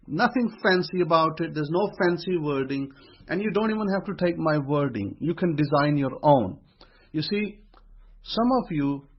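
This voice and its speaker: Husky man giving motivational tips. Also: on the high side, highs cut off. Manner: repeats phrases, counts off points. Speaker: speaker teaching affirmations. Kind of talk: motivational teaching monologue.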